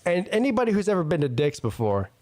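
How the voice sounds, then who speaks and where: A man with a high voice tells a rowdy story on his call-in show. His pitch swings widely as he laughs his way through it, and he talks crude and casual. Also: big pitch swings, fast talker, darkish tone. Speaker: show host.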